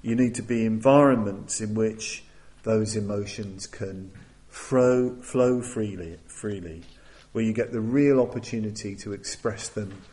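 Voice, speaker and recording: A man giving a Buddhist dharma talk, thoughtful and hesitant, with many restarts and pauses. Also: on the low side, mellow, poor audio. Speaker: Buddhist teacher.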